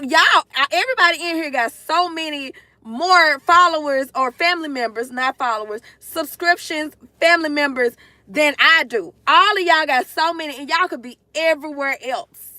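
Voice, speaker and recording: A woman's voice: high voice, expressive, moderate pace, sharp tone, dry recording. A woman chatting emotionally to her livestream viewers from her car, gushing and close to tears. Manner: gushing, emotional, addresses chat directly. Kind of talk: casual livestream chat to viewers. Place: in a parked car.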